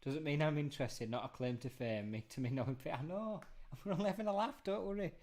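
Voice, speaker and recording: A man's voice: fairly high pitch, brisk, a little mellow. A man in his thirties hosting a casual chat over a video call, teasing his guests, laughing often and rambling through anecdotes. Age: 30s. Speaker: host.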